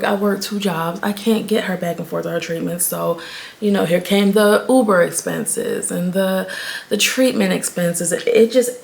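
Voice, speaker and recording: A woman's voice: mid-range voice, vocal fry. A woman, chatting candidly to her viewers in a get-ready-with-me vlog. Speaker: beauty vlogger.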